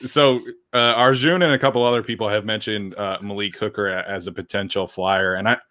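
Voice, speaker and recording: A man with a fairly low voice chats casually on a live sports show. He rambles through his points with fillers and quick restarts, relaxed and conversational. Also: no room sound, clean studio sound. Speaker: podcast co-host.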